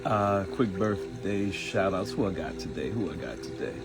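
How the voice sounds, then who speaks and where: Man from Baltimore, low voice, middle-aged, live-stream host, animated and chatty, music playing behind. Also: normal speed. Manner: animated, greets viewers by name, jokes and laughs. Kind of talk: live-stream casual chat.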